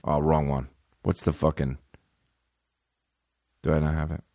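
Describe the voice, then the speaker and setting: A young adult man hosting a comedy podcast, telling stories in a profane, rambling, animated way and voicing the people he quotes. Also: rumbling low, unhurried, vocal fry, a little hiss or hum. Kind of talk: casual podcast storytelling.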